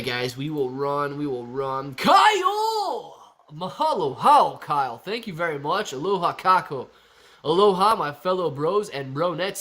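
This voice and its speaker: A man hosting a live stock-market stream, calling out prices rapidly and chatting with viewers in a casual, excited way. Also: on the high side. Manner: excited, calls out prices like an auctioneer. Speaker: livestream host.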